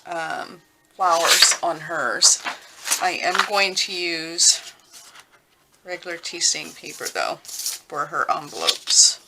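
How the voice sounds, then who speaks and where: A woman talking casually while she works on a craft project at home, rambling and thinking out loud with lots of fillers. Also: lowish voice, animated, takes it slowly, pauses often. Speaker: crafting vlogger. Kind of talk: casual craft tutorial chat. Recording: noisy with clicking sounds.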